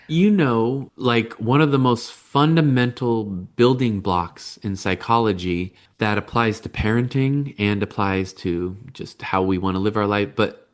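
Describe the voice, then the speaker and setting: A man's voice: on the low side, measured pace. A man, a parenting coach, talking in a podcast interview and explaining his points by acting out quotes. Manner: conversational, explains with acted-out quotes.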